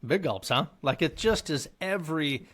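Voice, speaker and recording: A man's voice: a little high, animated, normal speed, a bit bright. A man talking as a podcast guest in casual chat, chatty and sharing anecdotes about work. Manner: chatty, shares workplace anecdotes.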